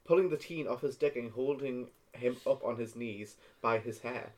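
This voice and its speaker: A man's voice: mid-range voice, normal speed, a little mellow. A man from the north of England with a Northern accent, hosting a casual podcast and reading a story aloud between bits of banter. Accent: Northern English. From Hartlepool, England. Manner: reads narration steadily, breaks off to laugh and banter. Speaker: podcast host reading fan fiction aloud.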